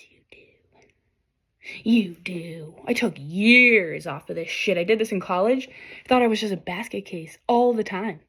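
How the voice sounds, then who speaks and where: A young woman reads tarot cards for her viewers in a loose, animated way. She swears freely and speaks straight to the people watching, pushing them to go after their purpose. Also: mid-range voice. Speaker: tarot reader. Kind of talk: casual tarot reading to camera.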